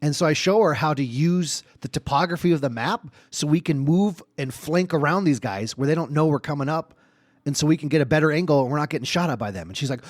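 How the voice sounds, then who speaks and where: A man hosting his own solo podcast, telling family gaming stories in a casual, animated way that swings from hushed to excited. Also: a little high, a little fast, dry recording, studio quality. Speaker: podcast host.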